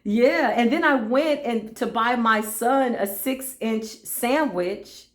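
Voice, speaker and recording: A woman's voice: fairly high pitch, slow pace. A middle-aged woman chats about spirit and everyday stories, slipping into other people's voices as she tells them. She talks from a room with a noticeable echo. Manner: animated storytelling, acts out voices, laughs often. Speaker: spiritual reader. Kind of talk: casual spiritual talk. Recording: echoey room.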